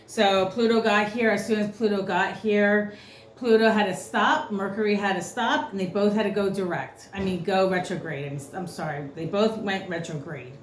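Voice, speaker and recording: A woman's voice: medium pitch, steady tone, moderate pace. A woman giving an unscripted tarot reading, ranting bluntly and cursing freely. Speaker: tarot reader. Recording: roomy echo, faint noise.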